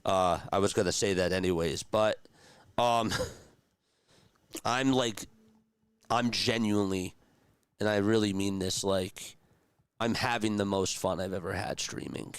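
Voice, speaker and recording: A young man calling a game play-by-play on a live stream, chatty and rambling between pitches and talking to his viewers. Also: steady tone, a little slow, long pauses, smooth, no room sound. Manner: chatty, rambling asides between calls, talks to chat. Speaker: streamer doing radio-style play-by-play.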